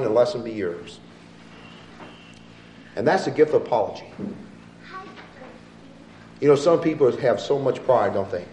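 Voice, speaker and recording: A man preaching a sermon in a church, swinging between loud, pleading appeals and quiet, soft asides. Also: a little hiss or hum. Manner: rises to loud impassioned appeals, then drops low and soft. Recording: echoey room from far off.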